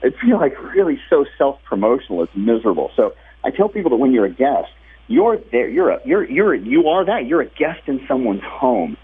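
A man's voice: medium pitch, big pitch swings, quick pace, husky. A man being interviewed as a guest who is a professional speaker. He talks energetically and at length, often restarting his sentences. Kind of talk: interview over the phone. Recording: tinny phone line.

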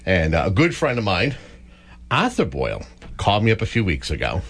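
A man's voice: deep voice, a little fast, gravelly. A man hosting a radio talk show in a studio, talking casually with many restarts. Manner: chatty, animated, frequent restarts.

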